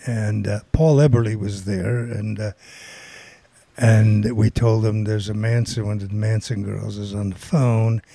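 Gravelly older man telling a story. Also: on the low side, a little slow, dry recording. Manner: rambling, animated storytelling with quoted voices. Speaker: guest storyteller. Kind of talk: casual anecdote telling.

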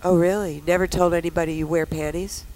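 A woman's voice: lowish voice, steady tone, a little fast, dark tone, rough recording. A woman hosting a talk show, talking in a playful, bawdy, teasing way with callers. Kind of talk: casual radio show chat.

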